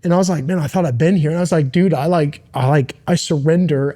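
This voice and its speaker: A middle-aged man telling a personal story as a podcast guest, earnest and halting, with many restarts. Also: fairly high pitch, dark tone. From United States.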